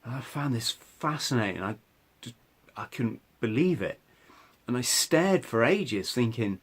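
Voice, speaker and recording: A man's voice: mid-range voice, big pitch swings, moderate pace, a bit bright, breathy edge. Man telling a personal story. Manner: conversational, many restarts and "right?" asides. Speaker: podcast host.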